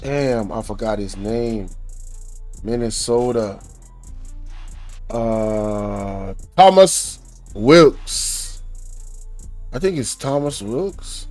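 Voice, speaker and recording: A man's voice: medium pitch, extremely slow, long pauses, darkish tone, faint music behind. A man with a Jamaican accent hosting a reaction channel, talking to viewers in an indignant, preachy way. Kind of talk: casual reaction commentary.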